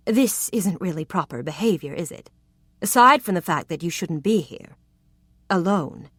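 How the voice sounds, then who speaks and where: Cautious proper gentleman read by a woman, flustered, stuffy, dry close voice. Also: lowish voice, lively intonation, moderate pace, husky, no echo.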